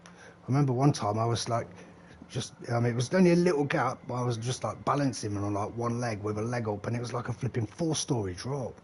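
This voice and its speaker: A man's voice: mid-range voice, fast, slight background noise. A middle-aged man, chatting loosely and swearing while he plays a game on a live stream and answers his chat. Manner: rambling and chatty, swears freely, talks to the chat.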